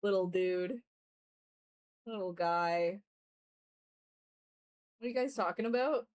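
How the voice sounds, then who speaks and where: A woman's voice: mid-range voice, takes it slowly, a little mellow. A woman livestreaming while she works, chatting casually with viewers, laughing often and retelling things with animation. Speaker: livestreaming artist. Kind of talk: casual chat while working.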